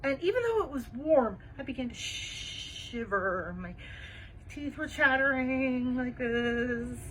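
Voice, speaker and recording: A woman's voice: high-pitched, very animated, unhurried, bright, forceful tone, a little hiss or hum, full character voice, poor audio. A woman voicing a solemn, imaginative little girl. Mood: mysterious. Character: imaginative, serious little girl with spooky secrets.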